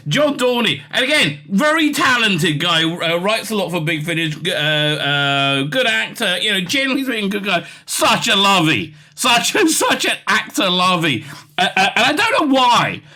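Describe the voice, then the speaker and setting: A male commentator rants through the news, reading articles aloud and stumbling over their wording with open scorn. His pitch sits a touch high and swings widely. His tone is sharp and bright. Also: sing-song, moderate pace. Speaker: commentary channel host.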